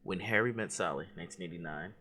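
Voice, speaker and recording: Lively bright-voiced man quizzing a friend. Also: low-pitched, quick pace. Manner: playful, laughs often, hams up quotes. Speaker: podcast co-host. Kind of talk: casual chat, movie quote quiz.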